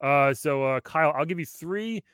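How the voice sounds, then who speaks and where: A man's voice: a little high, normal speed, fairly bright tone, clear, resonant tone, no echo, studio quality. A man hosting a show, chatting casually and playfully, laughing often and joking crudely. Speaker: show host. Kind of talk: casual chat.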